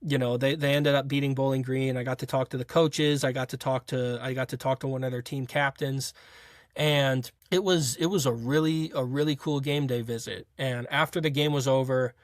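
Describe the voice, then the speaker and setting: In studio-quality audio with no room sound, a college football player in his young adult years talks at a normal speed in a steady, medium-pitched voice. His retelling as an interview guest is loose and rambling, heavy on fillers and frequent restarts.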